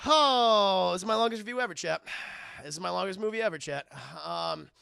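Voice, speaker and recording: A man live-streaming a film review, excitable and profane, laughing often and chatting with his viewers. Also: high-pitched, fairly quick, gravelly, clear, resonant tone, no room sound, clean studio sound. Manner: acts out scenes in exaggerated voices.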